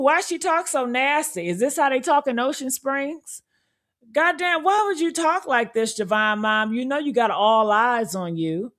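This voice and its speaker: High-voiced woman ranting to her viewers, loud and animated. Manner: outspoken, animated, talks straight to viewers. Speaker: commentary host. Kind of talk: casual ranting commentary.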